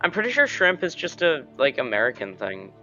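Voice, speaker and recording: A man talks in a hesitant way, full of fillers, while playing a tabletop game with friends. His pitch moves a lot, and his tone is bright. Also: huge pitch swings, fairly quick, dull audio, soft background music. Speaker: player. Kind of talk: casual chat.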